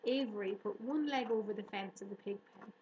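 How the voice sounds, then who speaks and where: A woman reads a storybook aloud in a steady, even manner. Her voice rings slightly in the room, with a faint hiss underneath. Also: medium pitch, fairly quick, echoey room, highs cut off. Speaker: narrator. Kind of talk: audiobook reading.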